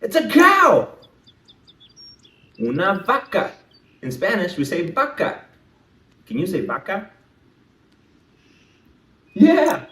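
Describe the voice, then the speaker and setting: A man hosting a playful kids' lesson, his pitch leaping all over in a singsong, animated way. He speaks slowly and deliberately for little listeners. The voice sits back from the mic in an echoey room. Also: far from the mic. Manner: animated, singsong, talks straight to young kids. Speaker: children's language teacher.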